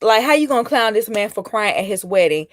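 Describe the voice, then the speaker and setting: A woman hosts a casual live-stream commentary on a reality show, chatting with viewers, reacting to their comments, and mockingly mimicking people. Her mid-range voice is expressive and a little fast, on a dry recording.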